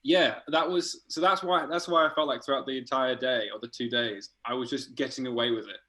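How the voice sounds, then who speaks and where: A man, an art director, casually telling animated stories in a podcast chat, laughing and swearing as he goes. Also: medium pitch, a little fast, rough recording.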